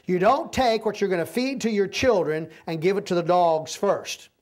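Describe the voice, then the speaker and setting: A man's voice: sits high, moderate pace, a little mellow. A man preaching a conversational, verse-by-verse sermon in a folksy manner, often checking that his listeners are following.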